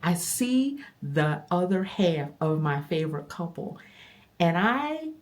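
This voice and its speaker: A middle-aged woman with a notably low, deep voice talks straight to her viewers. She tells her story in an animated, rambling way and often stops to fix her own details. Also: takes it slowly. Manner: animated, rambling storyteller who self-corrects. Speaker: vlogger.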